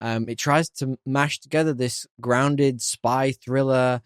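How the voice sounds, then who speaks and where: A man hosting a podcast, chatting casually and opinionatedly about a film, animated and quick to laugh. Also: medium pitch, clean tone, no echo, clean studio sound. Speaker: podcast host. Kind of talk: casual film review chat.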